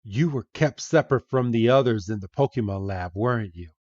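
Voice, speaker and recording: A man's voice: medium pitch, brisk, darkish tone, no echo, natural voice. A man reading aloud as an earnest young male trainer, in a dull, dry recording. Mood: gentle. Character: eager young male trainer, quick thinking.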